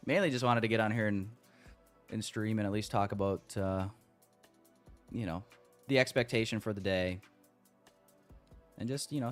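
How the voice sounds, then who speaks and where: An American man hosting a trading livestream, chatting casually and reading comments from the chat. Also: on the low side. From United States.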